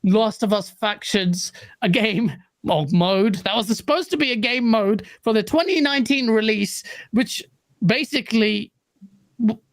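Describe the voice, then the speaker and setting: A woman co-hosting a live gaming podcast stream, chatting casually and shouting out viewers as she reads chat messages. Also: a little high, measured pace, dry recording. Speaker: livestream podcast co-host.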